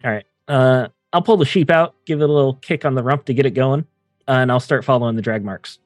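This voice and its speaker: A man's voice: mid-range voice, fast talker, no room sound, faint music behind. A man playing a tabletop game, giving short, casual replies in and out of character. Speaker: player.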